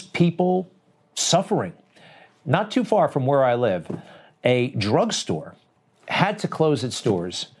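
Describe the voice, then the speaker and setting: A man hosting a commentary show, talking over clips in an indignant, sarcastic, conversational way. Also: mid-range voice.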